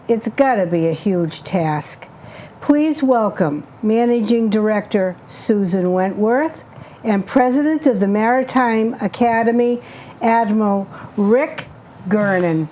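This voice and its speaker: A woman's voice: a little high, dark tone, a little hiss or hum. Chatty New woman hosting local TV. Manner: chatty, gushing about local businesses. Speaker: local TV talk show host. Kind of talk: community cable talk show.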